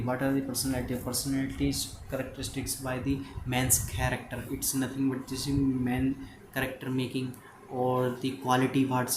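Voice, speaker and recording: A man with an Indian English accent, explaining exam notes as a tutor and talking in halting starts with many fillers. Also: medium pitch. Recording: echoey room with noise.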